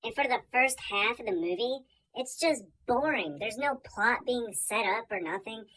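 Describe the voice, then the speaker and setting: A woman doing a comic storytime monologue with a bright, forward voice. She is animated and theatrical, jumping from loud punchlines to quiet murmured asides. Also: fairly high pitch, moderate pace, rough recording. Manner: animated, swings loud and soft. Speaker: comedian.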